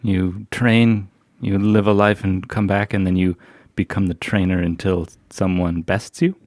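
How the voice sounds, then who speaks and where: A man's voice: low voice, flat delivery, a little slow, darkish tone, no room sound. A man playing a tabletop game, chatty, swearing and laughing often. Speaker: player. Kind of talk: tabletop role-play. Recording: dry podcast mic with music.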